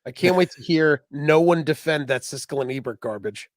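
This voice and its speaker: A man's voice: on the high side, normal speed, dry recording, studio quality. A man co-hosting a comedy chat about an old gaming magazine, reading letters aloud in a sarcastic, mocking, profane way. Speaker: podcast co-host.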